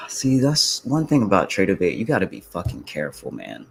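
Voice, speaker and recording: A man's voice: low-pitched, huge pitch swings, fairly quick, gravelly, slight background noise. A young man trading futures live on stream, talking casually to viewers and swearing, frustrated and muttering to himself. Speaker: livestreaming futures trader.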